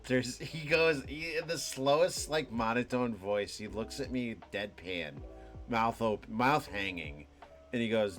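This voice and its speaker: A young man hosting a live stream, talking in a halting, reflective way with many restarts and fillers. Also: lowish voice, a bit bright, faint music behind. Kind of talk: rambling reflective monologue to chat.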